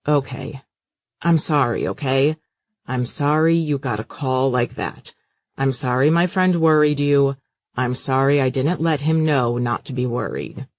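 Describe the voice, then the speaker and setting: A man's voice: mid-range voice, lively intonation, a little slow, dry recording, dull audio. A man voicing an exasperated grown son in an audiobook, weary and fed up. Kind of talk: audiobook character voice.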